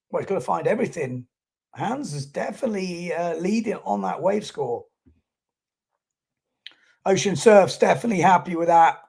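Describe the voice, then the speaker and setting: A man's voice: high voice, vocal fry, a little mellow, slightly rough. A man giving chatty live commentary on a sports stream and reading out viewer comments.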